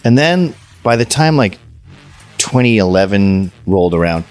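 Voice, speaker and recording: A man's voice: fairly low pitch, sing-song, moderate pace, darkish tone, soft background music. A man from Canada, a podcast guest telling blunt, provocative stories in casual interview chat. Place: suburban home.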